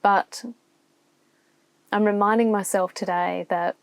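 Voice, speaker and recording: Alone in her van at a campground, an Australian van lifer speaks frankly to her camera, musing and rambling with restarts, occasionally on the verge of tears. She talks slowly in a steady, medium-pitched, gravelly voice, with no room sound.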